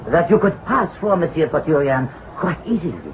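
An actor playing a polite, insinuating associate of a financier in a vintage radio drama, formal and smooth. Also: male voice, on the high side, animated, a little fast, slight background noise, lightly acted. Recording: dull old radio drama recording.

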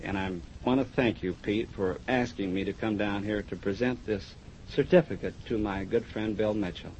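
A man's voice: fairly low pitch, steady tone, moderate pace, a little mellow. A man, a judge, presenting an award in a genial, joking tribute speech on the radio. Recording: dull 1950s radio broadcast with faint hiss.

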